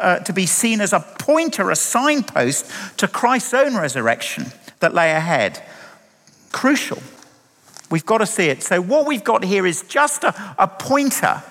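A man preaches with a high, bright voice that rises and falls dramatically. He leans into emphatic rhetorical questions. Long reverb from the hall trails behind every phrase. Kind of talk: sermon.

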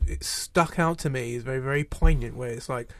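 A male interviewer asking long, thoughtful questions in a measured way, with some hesitation. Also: medium pitch, dry recording, clean studio sound. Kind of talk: conversational interview.

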